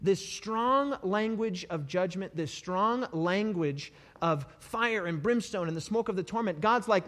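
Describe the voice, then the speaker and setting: Animated preacher man in a reverberant hall. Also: high voice, normal speed, few pauses. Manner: animated, repeats words when emphasizing. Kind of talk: sermon.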